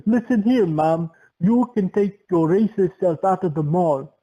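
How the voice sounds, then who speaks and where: A pushy stranger cornering someone at a mall, quick to take offense and demanding, as a man puts him on for a story. His voice sits high but sounds mellow and dark. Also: dull audio. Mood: indignant.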